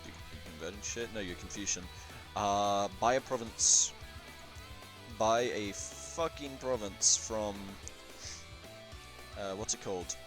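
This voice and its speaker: A man swearing and chatting excitably while explaining a multiplayer strategy game, sometimes chanting. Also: fairly low pitch, slow pace, pauses often, over music. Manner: profane, excitable, chanting at times. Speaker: gamer in multiplayer session. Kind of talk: casual gameplay commentary.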